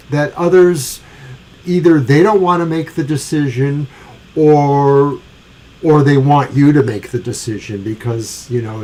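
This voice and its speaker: A man's voice: a little high, a little mellow, low-quality recording. Chatty man co-hosting a tarot show. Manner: chatty, rambling, self-correcting. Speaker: tarot reader co-host. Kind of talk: casual live tarot reading.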